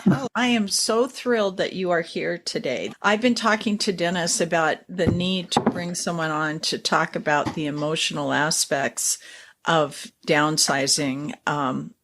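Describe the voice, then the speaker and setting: A woman's voice: on the low side, moderate pace, a bit bright, slight background noise. A woman hosting an interview, thanking her guest and speaking from experience with clients. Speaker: podcast host.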